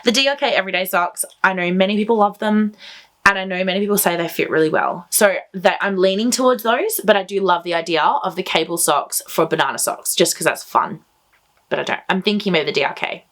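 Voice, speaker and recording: Chatty, excitable woman knitting host. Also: mid-range voice, brisk. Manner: enthusiastic, chatty, rambling. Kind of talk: casual chat to camera.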